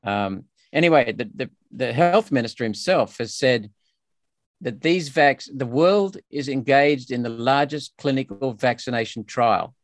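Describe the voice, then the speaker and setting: A man's voice: mid-range voice, lively intonation, moderate pace, dry recording, studio quality. An Australian man speaking as a politician guest in a podcast interview, emphatic and indignant with frequent restarts.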